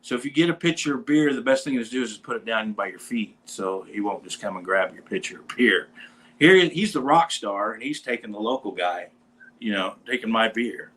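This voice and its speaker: A man hosting a casual show, telling a rambling, animated anecdote about meeting a band. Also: on the low side, a little fast, poor audio. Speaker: podcast host; bass player in a metal band. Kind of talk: casual storytelling chat.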